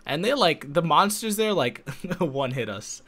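Man, lively gaming banter, bright, slightly higher voice, teasing with sudden yells. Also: unhurried. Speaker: gameplay commentator. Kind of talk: casual let's-play banter.

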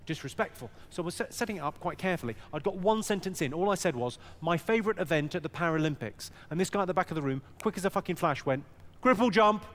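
A man's voice: high voice, lively intonation, rapid-fire, hardly any pauses, noisy background. A man doing a stand-up routine with dry, punchy delivery. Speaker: stand-up comedian.

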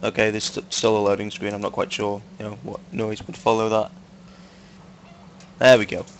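Monotone and creaky, this fairly low male voice moves at a moderate pace, with a bit of hiss or hum in the background. He's a young Manchester gaming host with a Manchester English accent, chatting crudely and casually with friends over gameplay and using lots of fillers.

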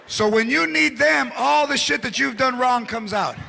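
A man in his forties with a Mexican-American accent doing stand-up comedy, acting out relatives with Spanish phrases and bursts of shouting. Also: very high-pitched, moderate pace, vocal fry, few pauses, noisy background. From United States. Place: large theatre stage. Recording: live theatre audience laughing.

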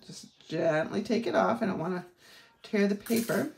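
A middle-aged woman with a Maine accent demonstrates a craft technique, chatting away with rambling asides. Her medium-pitched voice is creaky and moves at a normal speed. The tutorial was recorded in an echoey room with noise in the background.

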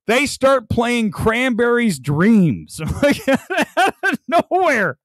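A man's voice: very high voice, slow, dry recording. A male host ranting about a movie on a live stream, mocking it and laughing often as he talks. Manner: animated, mocking, laughs a lot while ranting.

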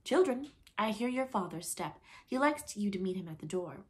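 A woman's voice: medium pitch, animated, normal speed, close to an everyday voice. Woman doing a prim, fussy little mother. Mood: motherly. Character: motherly girl, fussy and proper little housewife.

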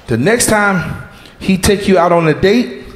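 This stand-up comic sits high in pitch and talks a little slowly, working the club stage with loud, animated delivery, shouted punchlines, sound effects, and jabs at audience members and crew. Audience laughter and crowd noise fill the roomy, echoing recording.

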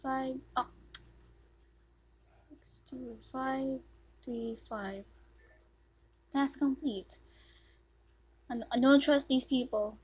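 A woman casually commentating her own gameplay, excitable, with loud yelps and muttered whispers. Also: high voice, drawn-out words, long pauses, breathy edge, poor audio. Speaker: gamer commentating her play.

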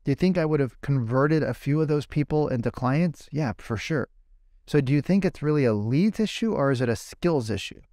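A man's voice: on the high side, expressive, a little fast, dark tone, no echo, studio quality. A middle-aged man, a guest sales coach, talks through anecdotes and rhetorical questions and often acts out the other side of a conversation. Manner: fires rhetorical questions and acts out dialogue in quoted voices.

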